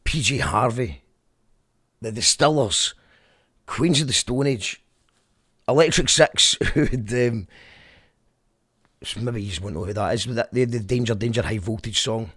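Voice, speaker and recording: A man's voice: lowish voice, a little slow, long pauses, a bit bright, breathy edge, dry recording, studio quality. A man with a Glaswegian Scottish accent in a casual, rambling rant that drifts off on tangents and keeps restarting his sentences. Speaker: vlogger.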